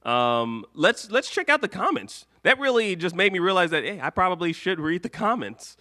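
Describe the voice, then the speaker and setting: High, bright-voiced rambling stream host. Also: male voice, very animated, normal speed. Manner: rambling, self-correcting, breaks into mock outrage. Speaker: live show host. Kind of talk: live-streamed cartoon commentary.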